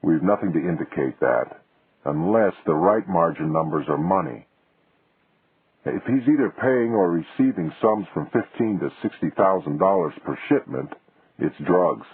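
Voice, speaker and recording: A man's voice: low-pitched, lively intonation, moderate pace, slightly rough, dry recording, narrow, tinny audio, exaggerated voice. A man voicing a weary, careful male writer. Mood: musing. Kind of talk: audiobook dialogue.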